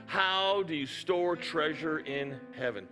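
Man, pastor, high voice, funny storytelling sermon, church hall reverb, faint music. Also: slow pace. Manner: humorous storytelling, animated asides. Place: church auditorium.

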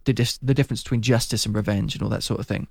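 A man recapping a film in casual chat, talking fast and laughing a lot. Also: fairly low pitch, fairly even intonation, vocal fry. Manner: chatty, laughing, puts on voices when quoting.

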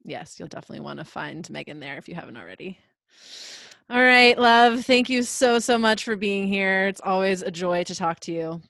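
A woman's voice: medium pitch, expressive, normal speed, creaky, fairly bright tone, dry recording, clean studio sound. A woman hosting a podcast, speaking in a gushing, enthusiastic and affirming way. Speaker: podcast host. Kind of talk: casual conversational interview.

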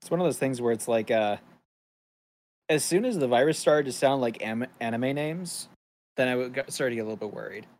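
A man's voice: medium pitch, brisk. A married man in a casual chat, joking and poking fun at himself. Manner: joking, self-deprecating.

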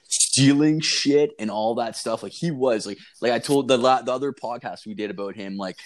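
A young man co-hosting a podcast, telling rambling, profane stories in casual chat and laughing through them. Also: medium pitch. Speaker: podcast co-host.

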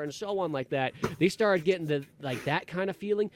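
A man hosting a podcast, telling a rambling, animated story in casual chat and acting out quotes in a raised voice. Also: a little high, a little fast, hardly any pauses. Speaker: podcast host.

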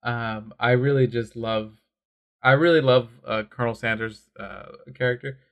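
A man in casual chat about a comic, talking excitedly with many fillers and some swearing. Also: medium pitch. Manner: excited, fast, full of filler words and swearing. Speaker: comic discussion co-host.

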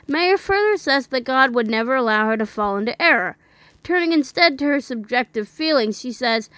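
A woman reading a critique aloud and breaking off into indignant, incredulous commentary, with some halting restarts. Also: on the high side, a bit bright, no room sound. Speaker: religious commentator.

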